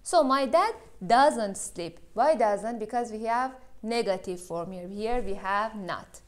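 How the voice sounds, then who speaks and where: Speaking slowly with lively intonation, a woman with a higher-pitched voice teaches English grammar on video. Her English is non-native, sprinkled with frequent "uh" fillers, and she checks in with "yes?" after each point.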